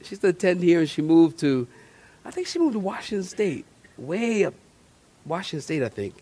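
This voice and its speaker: A man's voice: sits high, very animated, normal speed, mellow. Folksy man preaching a sermon. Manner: folksy, conversational preaching with playful asides. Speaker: pastor. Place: church sanctuary.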